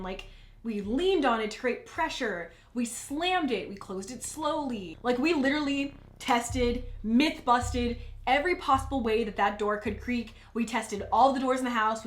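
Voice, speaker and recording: Chatty young woman telling a storytime. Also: a little high. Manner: chatty, filler-heavy, animated storytelling. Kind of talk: casual storytime. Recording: echoey room with faint ambience.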